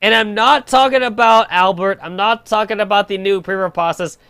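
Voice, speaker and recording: High-voiced young man rambling crudely. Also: fairly even intonation, moderate pace, pushed and bright, clear, resonant tone, no room sound. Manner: rambling, crude, heavy use of filler "like". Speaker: gaming streamer. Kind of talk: rambling casual chat while gaming.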